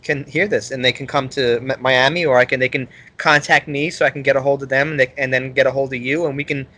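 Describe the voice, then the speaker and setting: A man with a Brooklyn accent co-hosting a casual podcast chat, loud and enthusiastic, laughing often. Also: medium pitch, steady tone, quick pace. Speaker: podcast co-host.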